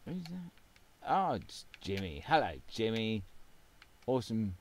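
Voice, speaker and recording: A man hosting his gaming channel, talking in an unhurried, drawn-out way with a lowish voice. He rambles in a wry, self-mocking manner and fills the gaps with "uh". It is casual commentary recorded at home. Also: sing-song, vocal fry, a little hiss or hum. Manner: rambling and wry, with many fillers.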